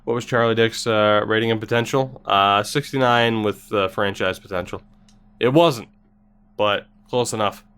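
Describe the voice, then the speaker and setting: A man's voice: fairly low pitch, steady tone, normal speed, fairly bright tone, clear, resonant tone. A man streaming a hockey video game, muttering sarcastic commentary to himself and talking back to his viewers' chat. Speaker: gaming streamer.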